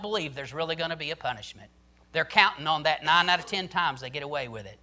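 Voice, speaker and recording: A man's voice: fairly high pitch, animated, fast talker, sharp tone. A man preaching a sermon on parenting, emphatic, often saying "listen" and "I'm telling you".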